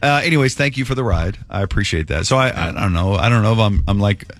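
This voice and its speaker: A man's voice: on the low side, lively intonation, fast talker, dry recording. A man hosting a morning radio show, chatting casually and rambling on a studio microphone. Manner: chatty, rambling, self-deprecating.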